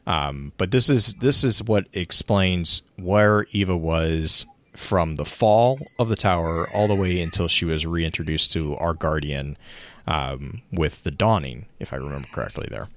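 A man's voice: deep voice, unhurried, fairly bright tone. A man hosting a casual online podcast, reading sponsor notes and then chatting loosely with restarts. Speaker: podcast host.

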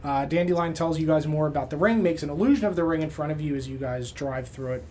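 A man's voice: fairly high pitch, quick pace, a little mellow, slight background noise. A man acting as game master, recapping the last session casually with many filler sounds.

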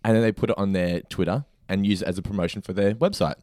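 A young man tells relaxed anecdotes on a podcast. His voice sits a little low, and he laughs along with his co-host. The recording is close and dry. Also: fast talker, no room sound. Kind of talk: casual chat.

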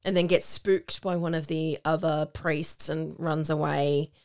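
A woman's voice: low-pitched, fairly even intonation, measured pace, darkish tone, clean tone. A woman co-hosting a casual podcast, recounting a film's plot with chatty asides. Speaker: podcast co-host. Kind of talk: casual film discussion.

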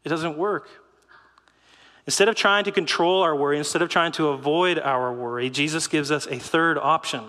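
A middle-aged man giving a sermon in a lively, conversational way, with rhetorical questions and short laughs. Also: a little high, fairly quick, hardly any pauses, big-room sound. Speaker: pastor.

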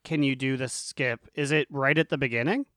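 Deadpan co-host man, dry sound. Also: mid-range voice, a little fast, no echo. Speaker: podcast co-host. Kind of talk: casual gaming podcast chat.

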